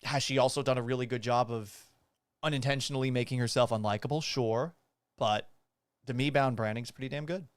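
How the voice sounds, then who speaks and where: A man in his thirties hosting a casual sports talk show, animated and blunt, often swearing. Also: mid-range voice, a little fast, smooth, no echo. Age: 30s.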